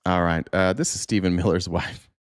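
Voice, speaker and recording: A man's voice: deep voice, steady tone, a little fast, smooth, dry recording. Fiery American male host, cursing and mocking political foes, dry close sound. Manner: profane, angry, mocking. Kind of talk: livestream political rant.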